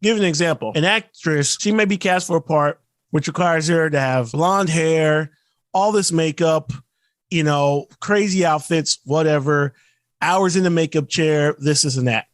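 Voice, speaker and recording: A man co-hosting a podcast, ranting in casual chat and mimicking actors in quick asides. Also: on the high side, no room sound, clean studio sound. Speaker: podcast co-host.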